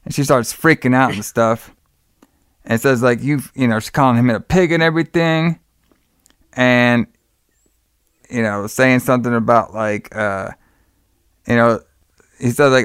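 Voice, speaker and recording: A man's voice: medium pitch, measured pace, pauses often, a bit bright, clean tone, dry recording, studio quality. Casual man rambling through a movie recap. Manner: rambling retelling, acts out quotes, says "all right" a lot. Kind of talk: casual chat recapping a film.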